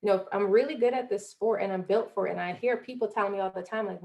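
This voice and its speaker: A woman's voice: medium pitch, fast talker, vocal fry, hardly any pauses, a little mellow. A young woman from Jamaica, a former college athlete, speaking earnestly as a podcast guest and acting out the voices she quotes. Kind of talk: motivational interview talk.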